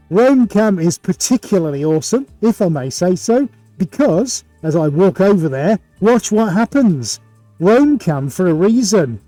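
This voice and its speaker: With a high, mellow voice and no echo, a middle-aged man hosts a live painting stream from his home art studio equipped with several cameras. He's chatty and jokey, presenting in an upbeat way with showman flair.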